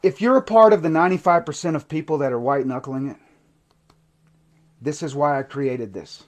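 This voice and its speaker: A man who coaches people in recovery, giving an impassioned, emotional livestream monologue that swings from intense to hushed. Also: a little high, brisk. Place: TikTok live stream.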